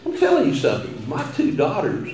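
A man's voice: fairly high pitch, huge pitch swings, fairly quick, a little mellow. Older Texan man, folksy after-dinner storyteller who chuckles often, recorded in a roomy banquet hall. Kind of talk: humorous banquet speech.

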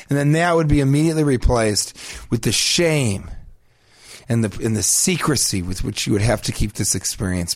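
Deadpan man telling crude absurd stories. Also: mid-range voice, no room sound, studio quality. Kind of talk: crude comedic storytelling.

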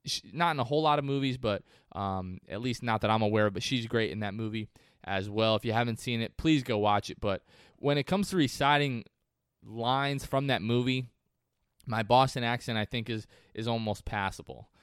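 A man's voice: mid-range voice, moderate pace, clear, resonant tone, dry recording, studio quality. A man hosting a sports podcast, talking through a game in a casual, conversational way that wanders off on tangents. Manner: conversational, digressive. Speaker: podcast host.

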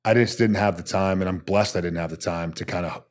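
Thirtysomething guy, lowish voice, tells army stories blunt and animated, swears some. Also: a little fast. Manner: animated storyteller who acts out quotes, blunt and salty. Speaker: podcast guest, Army special forces soldier. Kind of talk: storytelling in a casual interview.

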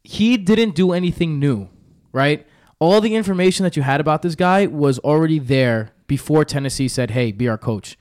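A man's voice: on the high side, normal speed, few pauses, a little mellow. Blunt New York sports-talk man. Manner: blunt, opinionated, speaks his mind.

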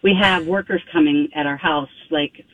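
A woman's voice: low-pitched, moderate pace, fairly bright tone, dry recording. A woman calling into a radio show, speaking hesitantly with many fillers, heard over a phone line. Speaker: caller. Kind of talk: phone-in conversation.

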